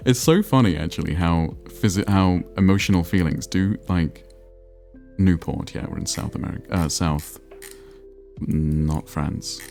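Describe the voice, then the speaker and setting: A man's voice: low voice, measured pace, creaky, darkish tone, soft background music. A man livestreaming, chatting casually and self-deprecatingly with his viewers as he plays a geography game. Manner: rambling, self-deprecating, answering chat messages.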